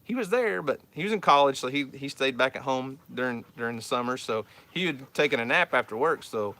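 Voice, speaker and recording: This homestead channel host hails from South Central Oklahoma and answers viewer questions with a casual, rambling story, repeating words along the way. His mid-range voice is animated, brisk, bright and forceful.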